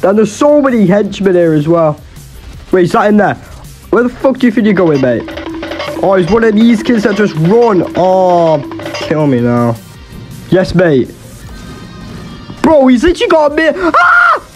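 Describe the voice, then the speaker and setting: A young man talks over his gameplay in a high, bouncy voice that swings all over the place. He is exasperated and jokey, swearing freely as he plays. A little music runs faintly underneath. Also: expressive, a little slow, long pauses. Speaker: gaming YouTuber. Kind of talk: casual gameplay commentary.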